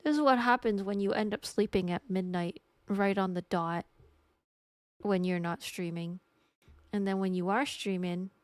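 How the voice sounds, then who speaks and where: A woman's voice: medium pitch, clear, resonant tone, no room sound. A young adult woman chatting casually with her live-stream audience, rambling and joking at her own expense. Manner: chatty, rambling, self-mocking.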